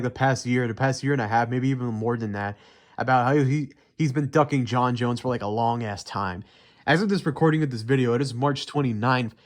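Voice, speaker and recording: Profane, heated young man ranting. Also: mid-range voice. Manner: heated, profane, rambling with many fillers. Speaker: MMA commentary YouTuber. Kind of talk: unscripted ranting commentary.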